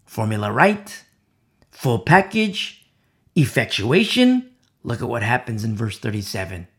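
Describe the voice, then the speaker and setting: A male preacher delivering a dramatic sermon, swinging from loud declarations to hushed whispers. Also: medium pitch, very animated, unhurried.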